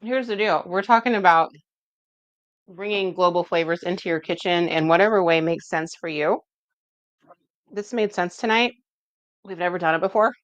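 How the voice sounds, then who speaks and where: A woman's voice: lowish voice, normal speed, long pauses, dry recording, lo-fi sound. A woman with a Midwestern American accent hosting a casual cooking show, chatty and explaining each step as she goes.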